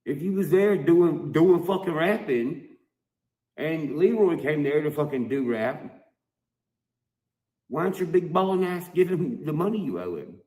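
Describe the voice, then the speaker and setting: A man's voice: on the high side, expressive, a little slow, long pauses, darkish tone. Man ranting profanely in an echoey room. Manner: mocking, heavily profane, emphatic. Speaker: musician addressing his fans. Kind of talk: profane video rant.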